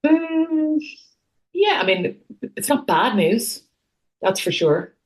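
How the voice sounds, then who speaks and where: A woman's voice: medium pitch, big pitch swings, takes it slowly. A woman co-hosting a political podcast, giving blunt, wry opinions with dry humour. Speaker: podcast co-host. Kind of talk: casual political chat.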